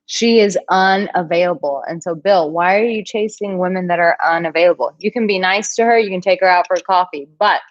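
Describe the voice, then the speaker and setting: A woman's voice: fairly low pitch, fast talker, few pauses, no echo. Woman coach doing a live q&a, chatty and blunt, laughs a lot, dull dry webcam sound. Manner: animated, frank, laughs often. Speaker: dating coach. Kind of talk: live Q&A reading viewer comments.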